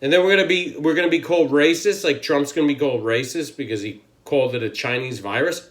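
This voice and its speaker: An American man rants straight to camera, his voice sitting at an ordinary middle pitch. He sounds annoyed and forceful, hammering each point and cursing freely. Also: fast, hardly any pauses. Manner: angry, profane, emphatic. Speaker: channel host. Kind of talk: political rant to camera.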